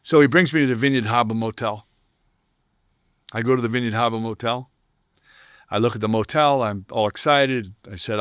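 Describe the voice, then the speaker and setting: A man's voice: fairly low pitch, brisk, dry recording, studio quality. An older man, a roofing business owner telling stories in a casual interview and acting out the people he quotes. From Boston area. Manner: animated storyteller who acts out quoted people. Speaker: roofing company owner, guest.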